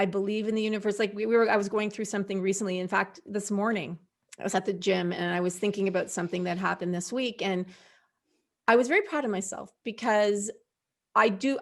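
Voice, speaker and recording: A woman in a casual podcast conversation, speaking earnestly and encouragingly as a guest. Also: medium pitch.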